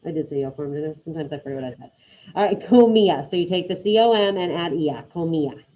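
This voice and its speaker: A woman's voice: deep voice, racing, dark tone, highs cut off. A woman teaching an online Spanish class, encouraging her students and calling on them by name.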